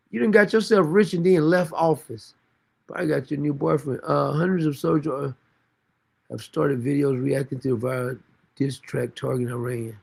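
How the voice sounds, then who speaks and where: A man's voice: on the high side, fairly even intonation, moderate pace, creaky, darkish tone, husky. A man hosting a commentary stream, reacting to news clips in a sarcastic, mocking, slangy way. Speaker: commentary host.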